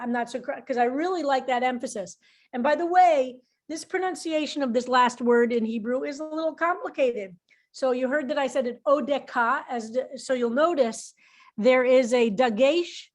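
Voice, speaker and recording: A woman's voice: sits high, darkish tone. A middle-aged woman rabbi teaching a psalm class in an informal, explanatory way, often restarting her sentences.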